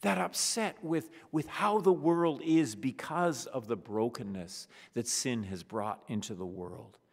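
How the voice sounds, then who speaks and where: A man delivering a funeral sermon as pastor, expressive, sometimes dropping to a hushed near-whisper. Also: mid-range voice, unhurried, slightly rough. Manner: expressive preaching, drops to a hushed near-whisper on solemn words. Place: church sanctuary. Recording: long church reverb.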